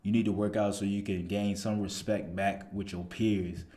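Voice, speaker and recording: A man's voice: lowish voice, flat delivery, normal speed, mellow. A man, a soldier giving blunt, profane motivational advice in a casual monologue, full of rhetorical questions.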